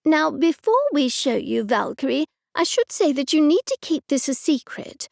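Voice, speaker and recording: A woman's voice: sits high, sing-song, normal speed, vocal fry, no echo, studio quality, pitched above the performer's own voice, full character voice. A woman narrator voicing Aunt Agnes, a kindly, theatrical elderly witch in an audiobook. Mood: confiding. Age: older. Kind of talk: audiobook character voice.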